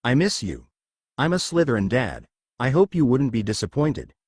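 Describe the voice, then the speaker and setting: A man's voice: mid-range voice, big pitch swings, normal speed, a little mellow, breathy edge, dry recording, studio quality. A man reading the lines of a distraught grieving schoolboy wizard, tearful and apologetic.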